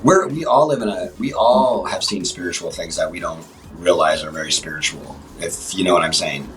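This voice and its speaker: A man talking as a guest on a livestream chat show, speaking haltingly with many restarts and fillers. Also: low-pitched, fairly bright tone, distant mic, soft background music, poor audio. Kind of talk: casual interview chat.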